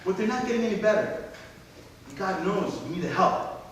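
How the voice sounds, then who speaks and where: A scornful film snob rants and swears in a fairly high male voice, played by a man at a stage reading. It sounds distant and boomy, like a hall picked up from across the room. A faint hiss runs underneath. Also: expressive, normal speed. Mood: indignant. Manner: indignant, ranting, profane. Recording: echoey hall, mic far off, faint hiss.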